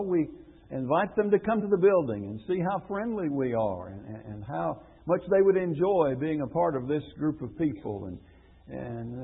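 Man preaching, gravelly husky voice, lively rising and falling delivery, phone-thin radio sound with long reverb. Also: on the high side, phone-quality sound. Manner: earnest, questioning, repeats phrases for stress. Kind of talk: radio sermon lesson.

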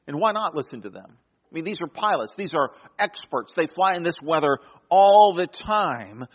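A man preaching a sermon, swinging between loud, emphatic lines and hushed, quiet ones. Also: on the high side, lively intonation, moderate pace, muffled recording.

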